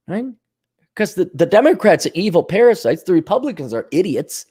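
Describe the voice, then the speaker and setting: A man's voice: high voice, sing-song, fairly quick, dark tone. Sardonic man ranting on a podcast. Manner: sardonic, profane, blunt. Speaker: podcast host. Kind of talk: casual monologue rant.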